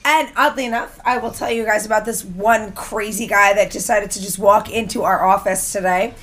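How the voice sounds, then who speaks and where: A woman convention organizer in a casual group chat, an animated storyteller who laughs often and acts out the people she quotes. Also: mid-range voice, normal speed. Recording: loud crowd noise behind.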